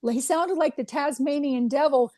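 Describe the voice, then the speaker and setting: A woman guest telling a personal anecdote in an interview, animated and quoting dialogue. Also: high voice, normal speed, no echo. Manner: animated anecdote with acted quotes. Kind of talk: storytelling in an interview.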